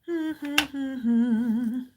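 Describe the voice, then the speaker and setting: Slow-talking chatty woman craft host. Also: high-pitched, mellow. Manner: chatty, greets viewers by name, says y'all often. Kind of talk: casual live chat while crafting.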